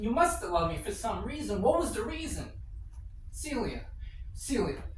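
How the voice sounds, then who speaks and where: A man's voice: high-pitched, a little hiss or hum. An actor playing a desperate young husband who stammers and pleads with his wife. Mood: pleading. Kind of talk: dramatic scene acting. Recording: echoey room, distant mic, faint ambience.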